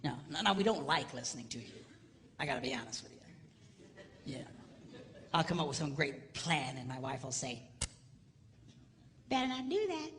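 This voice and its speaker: A middle-aged man giving a comedic marriage seminar, animated, acting out voices and dropping to a whisper for emphasis. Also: medium pitch, normal speed, long pauses, in a large hall. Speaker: seminar speaker.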